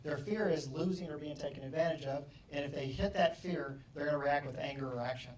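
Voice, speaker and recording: A man giving a motivational seminar talk, acting out both sides of a story and rising to mock shouting. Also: fairly high pitch, a little fast, a little hiss or hum. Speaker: motivational speaker. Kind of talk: live seminar talk with acted-out anecdotes. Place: seminar room with an audience. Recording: echoey room, distant mic.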